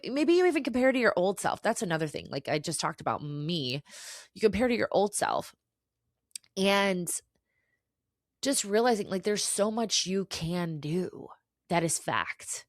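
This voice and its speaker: Earnest, low-voiced woman podcaster. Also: dry recording, clean studio sound. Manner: emotional, swears, earnest pep talk. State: tearful at times. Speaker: podcast host. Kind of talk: casual solo podcast talk.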